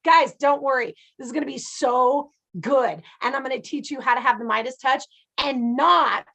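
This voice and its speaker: A woman teaching a class in a chatty, animated way, retelling stories and checking in with her listeners often. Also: a little high, vocal fry. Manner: chatty, animated storytelling with frequent "right?". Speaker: abundance teacher. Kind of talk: casual teaching talk.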